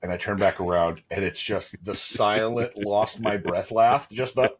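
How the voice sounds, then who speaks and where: A man's voice: on the low side, unhurried, a crowd in the background. A man in his thirties co-hosting a casual podcast, telling stories in a rambling, playful way. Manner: rambling storyteller, playful asides. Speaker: podcast co-host. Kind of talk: casual chat.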